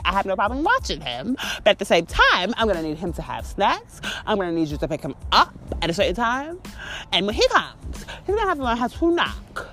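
A woman ranting on her own podcast, swearing freely as she acts out both sides of an argument. Her voice sits fairly low but swings widely up and down. Faint music plays underneath. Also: fairly bright tone. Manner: profane, exasperated storytelling with reenacted dialogue. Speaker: podcast host. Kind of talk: ranting monologue.

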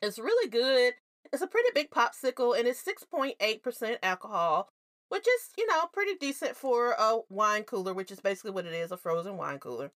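A woman co-hosting a casual chat show, telling family stories in an animated, blunt way and laughing often. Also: on the high side, fairly quick, no room sound, clean studio sound. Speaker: podcast co-host.

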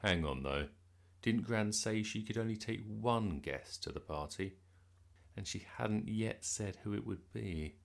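Slow, gravelly male storyteller. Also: fairly low pitch. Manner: lively, expressive storytelling. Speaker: children's story reader. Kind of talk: bedtime story reading.

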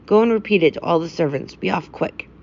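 A woman's voice: on the low side, quick pace, darkish tone, muffled recording. A woman voicing a flustered, sleepy male doctor who talks in a fussy, panicky way, in a storybook reading.

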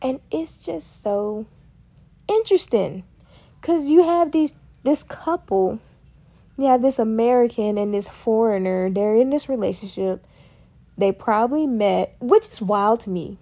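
A woman hosting a casual solo podcast, talking in a chatty, lively way and addressing listeners as y'all. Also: fairly high pitch, measured pace. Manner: chatty, lively, uses y'all and Southern phrasing. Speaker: podcast host.

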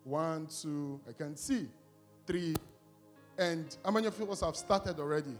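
A man preaching to a congregation, asking them questions and telling an animated personal story. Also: on the high side, a little slow, soft background music.

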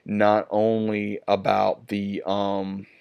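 A man's voice: lowish voice, completely flat delivery, slow, vocal fry, clean tone, highs cut off. A man in his thirties, chatty and enthusiastic, giving a casual movie review to his viewers.

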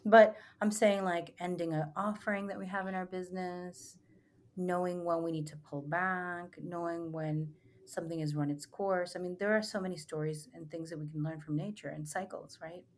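A woman's voice: on the low side, steady tone, normal speed. A young adult woman, a spiritual retreat guide, telling stories earnestly in a casual podcast talk with many fillers. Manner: earnest, rambling, filler-heavy storytelling.

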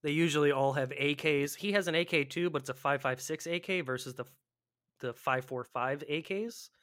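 A man casually chatting about a video game with a co-host, animated and profane, often acting out panicked players. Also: fairly high pitch, brisk, no echo, studio quality. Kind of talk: casual gaming chat.

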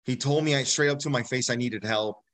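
A medium-pitched, fairly bright voice moves at a slightly quick clip as this army veteran shares a personal story as a podcast guest. He's blunt and casual about it, playing out the conversations and calling people "bro."

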